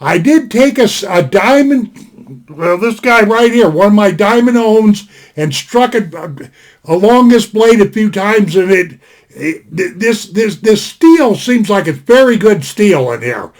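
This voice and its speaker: A man's voice: high-pitched, lively intonation, unhurried. An older man giving a casual sit-down knife review at his desk on a webcam, rambling and folksy, repeating himself and spelling out words. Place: indoors at a desk.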